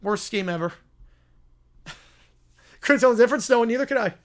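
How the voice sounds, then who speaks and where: A man's voice: very high voice, expressive, normal speed. A man hosting a live sports reaction stream, playfully reading out skits and laughing often. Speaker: livestream host.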